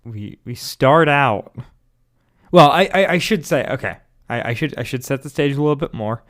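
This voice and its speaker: Halting, animated young man co-hosting a podcast. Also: medium pitch. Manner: halting, restarts often, dry jokes. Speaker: podcast co-host. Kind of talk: casual chat.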